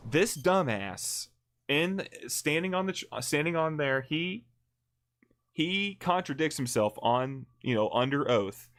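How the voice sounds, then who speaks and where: A man in the middle of pitch for his sex tells a story on a livestream in a loose, casual way. He rambles and corrects himself often, and his delivery is blunt and profane. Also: fairly bright tone, slight background noise. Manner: rambling, full of restarts and self-corrections. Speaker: livestream co-host. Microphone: streaming mic.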